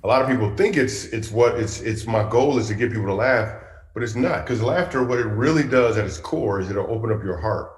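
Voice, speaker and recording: A middle-aged male comedian telling stories in an animated, chatty interview style. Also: lowish voice, fairly quick, reverberant. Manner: animated, chatty storytelling with asides. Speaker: comedian guest. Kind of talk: storytelling interview.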